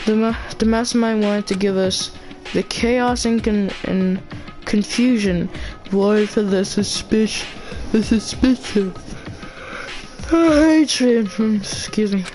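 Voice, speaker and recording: A woman's voice: medium pitch, fairly even intonation, unhurried, few pauses, dark tone. Casual woman gamer reading visual-novel lines aloud, stumbly and unrehearsed, with faint music behind. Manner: stumbling, restarts words while reading. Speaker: let's player. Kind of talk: reading game dialogue aloud.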